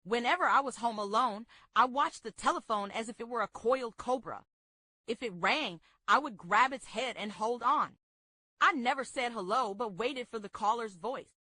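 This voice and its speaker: A woman reading a memoir aloud at a book club in a steady, expressive way. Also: on the high side, normal speed, dry recording.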